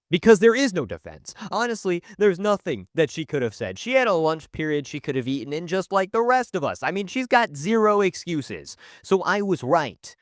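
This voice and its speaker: A man narrating a storytime in an animated, conversational, wry way. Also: mid-range voice, no echo, clean studio sound. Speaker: storytelling youtuber.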